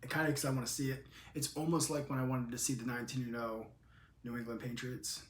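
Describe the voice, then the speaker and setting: A man co-hosting a podcast, casually steering a football chat with questions, relaxed and easygoing. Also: mid-range voice, fast talker, echoey room. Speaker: podcast co-host.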